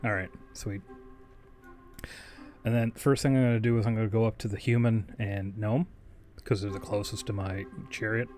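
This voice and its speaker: A man's voice: on the low side, fairly even intonation, moderate pace, long pauses, a little mellow, soft background music. Crude, joking man at a tabletop game. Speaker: player. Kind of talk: casual tabletop play.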